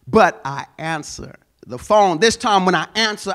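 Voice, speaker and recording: A man's voice: sits high, lively intonation, unhurried, a bit bright. A male pastor preaching a sermon, telling a personal story and building to emphatic exhortation.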